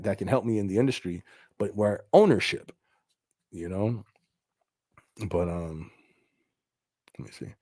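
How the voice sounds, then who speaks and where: A podcast host and rapper with a lowish, slightly mellow voice reads viewer comments aloud on a casual stream, laid-back and frequently adding "you know what I mean." The recording is dry and studio quality.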